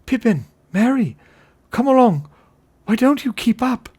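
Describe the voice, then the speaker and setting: A man voicing a frightened young male hobbit lost in fog, calling out in a high, strained shout. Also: big pitch swings, unhurried, husky, full character voice. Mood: panicked.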